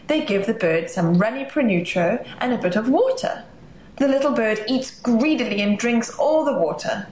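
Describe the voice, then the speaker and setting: A woman reads a children's story in a gentle, expressive way. Her voice sits slightly high and moves a lot, at an unhurried pace. There is a roomy echo and faint ambience behind her. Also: a little hiss or hum. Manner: gentle, expressive, with hushed asides.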